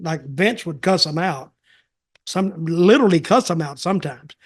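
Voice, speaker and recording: A man's voice: sits high, animated, moderate pace. An older man, hosting a podcast and telling wrestling stories in a folksy, rambling way. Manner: rambling, folksy, repeats himself. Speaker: podcast host, wrestling veteran. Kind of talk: casual storytelling chat.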